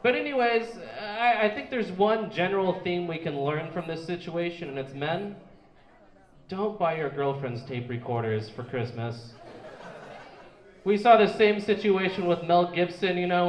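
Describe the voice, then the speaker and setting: Young guy doing standup, kinda high voice, keeps stumbling over words, roomy club sound. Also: moderate pace. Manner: rambling, repeats and restarts words. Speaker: stand-up comedian. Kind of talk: stand-up comedy set. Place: small comedy club. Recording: echoey club room.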